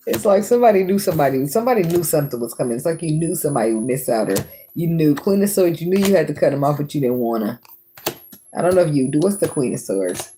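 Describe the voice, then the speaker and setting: A woman with a husky, breathy voice talks through a tarot reading in a loose, casual way. She is blunt and swears freely, laughing between her points. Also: deep voice, animated, fast, warm tone. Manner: blunt, profane and laughing often. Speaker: tarot reader.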